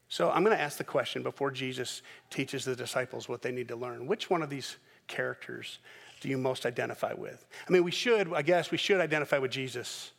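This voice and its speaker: A man preaching a sermon as pastor, telling the story in a lively way and acting out the characters' voices. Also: medium pitch, normal speed, creaky, big-room sound.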